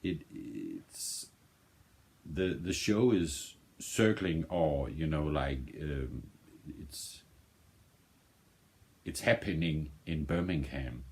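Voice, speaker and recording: Man, from Denmark, non-native English, very deep voice, slow, halting casual chat. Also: expressive, gravelly. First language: Danish. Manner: halting, restarts often, searches for words. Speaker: vinyl music vlogger.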